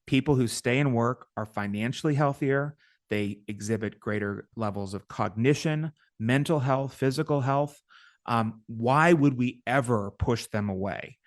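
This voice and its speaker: A man, a guest author, explaining his ideas in a measured way during an interview, with some fillers. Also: mid-range voice, no room sound, clean studio sound. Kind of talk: interview talk.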